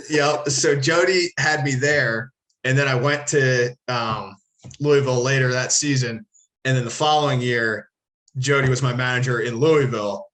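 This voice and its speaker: A former ballplayer from the Philadelphia area co-hosts a podcast, casually telling a long story in an unhurried, medium-pitched voice that's a bit bright. He rambles, swears, and corrects himself as he goes.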